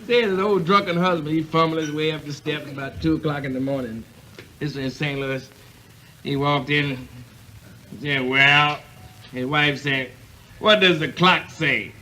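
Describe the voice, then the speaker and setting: Male stand-up comic, slightly high voice, rambling delivery, live club recording with audible room noise. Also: fairly even intonation, normal speed, sharp tone. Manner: loose, rambling storytelling with chuckles. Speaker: stand-up comedian. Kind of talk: stand-up comedy routine. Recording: live comedy album with audience noise.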